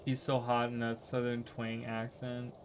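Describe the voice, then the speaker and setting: A man's voice: medium pitch, completely flat delivery, measured pace, noisy background. A man streaming a game, chatting casually with his viewers, rambling, tripping over his words and restarting sentences while playing. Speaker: gaming streamer. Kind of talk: casual livestream chat while gaming.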